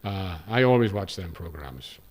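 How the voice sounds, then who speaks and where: A man's voice: sits low, sing-song, moderate pace, darkish tone. An older man with a Northern Irish voice, putting on a Cavan accent to play a big, friendly, middle-aged taxi driver who stammers eagerly as he chats.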